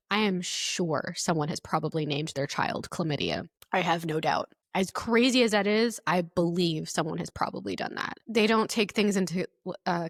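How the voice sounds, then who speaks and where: A woman's voice: fairly low pitch, no echo, clean studio sound. A young woman hosting a podcast, reacting bluntly to online posts, swearing freely and laughing often. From United States. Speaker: podcast host. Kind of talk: casual podcast chat reading online posts.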